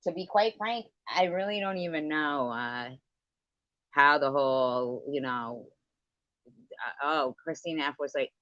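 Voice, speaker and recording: Sitting low in pitch and fairly bright, this livestream host's voice moves unhurriedly with long pauses as she rambles through a profane, gossipy, sarcastic rant. The recording is dry, captured on a livestream setup with a dull lo-fi sound.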